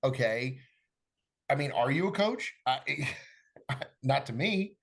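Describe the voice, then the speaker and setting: A man's voice: medium pitch, slow pace. A middle-aged man, a golf coach, chatting casually on a podcast and acting out conversations as he tells stories. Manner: animated storyteller acting out dialogue.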